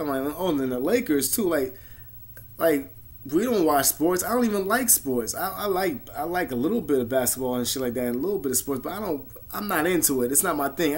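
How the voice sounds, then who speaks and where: A man recounts a personal ordeal straight to camera, rambling and swearing freely. His delivery is raw and emotional, at times trailing off into low, quiet murmurs before picking back up. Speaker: vlogger. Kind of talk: personal storytelling.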